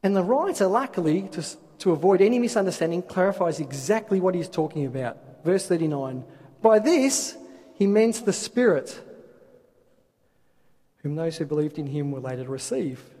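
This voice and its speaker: A man's voice: high-pitched, expressive, moderate pace, warm tone, breathy edge. A man preaching a sermon, asking rhetorical questions and reading scripture aloud. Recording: long hall reverb.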